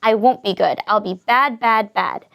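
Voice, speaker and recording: A woman voicing a big, misunderstood male wolf who is gruff but soft-hearted, speaking in an earnest, gentle way. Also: mid-range voice, normal speed.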